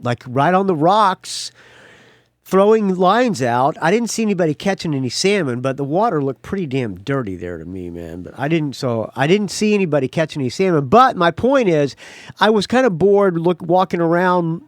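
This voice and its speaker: A man talks through a long, rambling story from his day on his own podcast, his voice sitting a little high and swinging up and down with lots of life. The sound is dry and close, with no room around him. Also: very animated, moderate pace, no room sound. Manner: rambling storyteller, acts out quotes loudly. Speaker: podcast host. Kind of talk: casual monologue.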